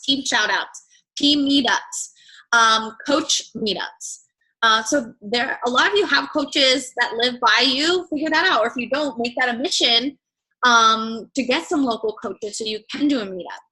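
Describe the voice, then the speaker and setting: A young woman coaching her team over a call in a casual, unscripted way. Her voice is bright and slightly high, and she talks bluntly, swears without hesitation, and keeps checking in with "right?" between her points. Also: poor audio. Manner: chatty, blunt, swears freely, lots of "like" and "right?". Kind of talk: casual training talk.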